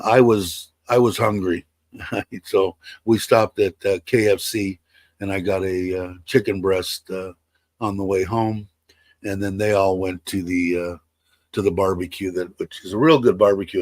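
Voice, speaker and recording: A man's voice: sits low, fairly even intonation, moderate pace, a little mellow, dry recording. A man in his sixties chatting casually on a livestream, rambling with many fillers and restarts. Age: 60s. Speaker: livestream host. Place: home in Thailand.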